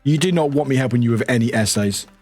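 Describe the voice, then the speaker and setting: A British man streams with a medium-pitched, slightly mellow voice and a quick pace. He chats casually with his viewers, laughing a lot, swearing, and reading the chat out loud. Faint music plays in the background.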